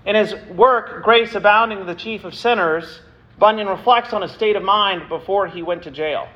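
A man preaching a sermon as pastor, deliberate and building to emphatic, repeated exhortations. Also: high-pitched, dull audio.

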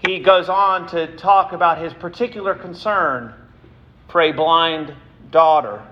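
High-voiced, slow-preaching man. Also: dull audio. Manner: deliberate, builds to emphatic repeated exhortations. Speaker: pastor. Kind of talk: sermon.

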